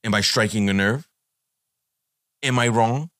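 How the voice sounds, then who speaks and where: A man's voice: lowish voice, a little slow, fairly bright tone, dry recording, studio quality. Blunt, profane man ranting on a podcast. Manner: blunt and profane, rambling with many fillers. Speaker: podcast host. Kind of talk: opinionated podcast monologue.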